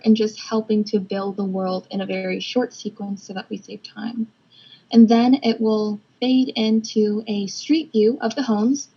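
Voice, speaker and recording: A young student presenter casually walks through a storyboard, leaning heavily on "kind of" and "like." Her voice is fairly high, mellow and slightly rough, captured in a dull lo-fi recording.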